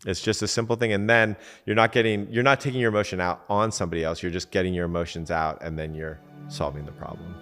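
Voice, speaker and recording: A man with a very low voice talks loosely about relationships, the way a coach teaches, using lots of "like" and acting out little quoted conversations. His voice rings with a long reverb tail. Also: fairly even intonation, fast, hardly any pauses, a bit bright, soft background music. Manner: conversational, acts out quoted exchanges, many fillers. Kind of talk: casual teaching talk.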